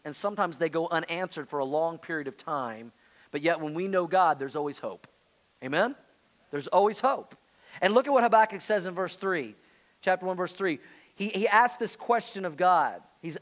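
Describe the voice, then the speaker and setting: A man preaching a sermon as pastor, moving between loud pleading outbursts and quiet, hushed lines. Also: a little high. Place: church sanctuary.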